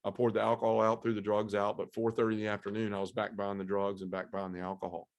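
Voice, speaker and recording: Low-voiced man telling a candid testimony. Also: flat delivery, fast. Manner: candid, earnest, acts out his own inner voice. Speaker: podcast guest. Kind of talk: personal testimony storytelling.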